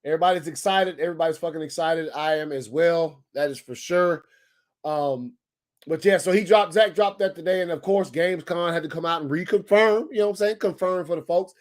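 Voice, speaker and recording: A young man hosting a casual daily live stream, talking excitedly in slang and greeting viewers in the chat. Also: a little high, a little fast.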